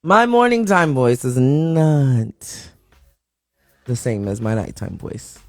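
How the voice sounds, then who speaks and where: A woman hosting a live stream show, talking casually with a raspy morning voice, reading and answering viewer comments and greeting people as they join. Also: very deep voice, very animated, slow, no echo. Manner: playful sing-song shout-outs to viewers joining.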